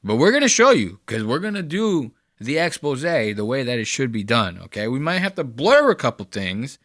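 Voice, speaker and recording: A man's voice: mid-range voice, sing-song, moderate pace, fairly bright tone, dry recording. Guy hosting a podcast, reacting to clips, swears a ton, mocking rant, dry sound. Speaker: podcast host.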